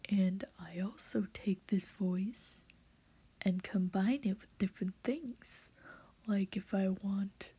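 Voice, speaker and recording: Soft, half-whispered woman, slow. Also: medium pitch, breathy edge. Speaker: voice artist giving voice tips. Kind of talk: casual voiceover over a speedpaint.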